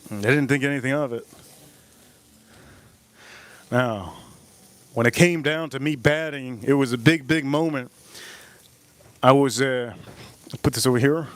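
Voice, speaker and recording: A man's voice: medium pitch, a little slow, pauses often. A man in his forties hosting a live grilling stream, telling a rambling, repetitive story outdoors. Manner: repetitive, animated storyteller who jumps between the tale and the grill. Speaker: live-stream cook and host.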